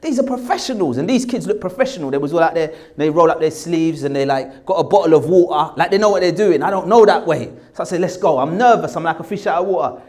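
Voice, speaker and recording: Animated South London man telling a story. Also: fairly high pitch, fast, hardly any pauses. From England. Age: 40s. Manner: animated, acts out the people he quotes. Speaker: actor. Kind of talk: storytelling anecdote.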